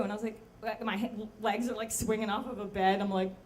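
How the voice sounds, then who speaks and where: A woman's voice: mid-range voice, steady tone, fast, background noise. A young adult woman telling a comic true story live, animatedly acting out the voices of people she quotes.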